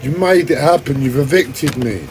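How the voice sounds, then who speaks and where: A man's voice: medium pitch, expressive, normal speed, noisy background. A man in an agitated, rambling rant full of swearing, with a whiny voice and a strained throat. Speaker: livestreamer. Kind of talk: ranting monologue.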